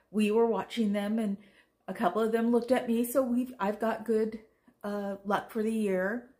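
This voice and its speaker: A woman's voice: mid-range voice, a little mellow. A tired middle-aged woman from Oakland, California, chatting in a meandering, self-deprecating way for her vlog. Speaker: vlogger. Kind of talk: casual rambling chat.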